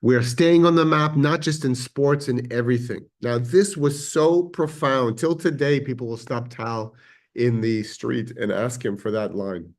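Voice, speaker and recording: A man's voice: mid-range voice, a little slow, darkish tone. A man teaching a history lecture to a class in a conversational way, with fillers and self-corrections. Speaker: adult education teacher. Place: synagogue classroom.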